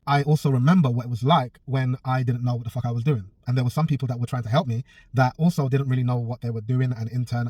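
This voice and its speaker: A man's voice: medium pitch, warm tone, breathy edge, no room sound, distant mic. A man, a personal trainer telling a story in a casual vlog, blunt and swearing freely. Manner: blunt, swears a lot, acts out both sides of a quarrel.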